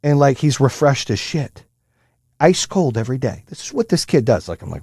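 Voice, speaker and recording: Profane, animated middle-aged man. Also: medium pitch, moderate pace, husky, no room sound, clean studio sound. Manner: profane, animated storytelling with lots of fillers. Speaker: podcast host. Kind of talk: motivational solo podcast talk.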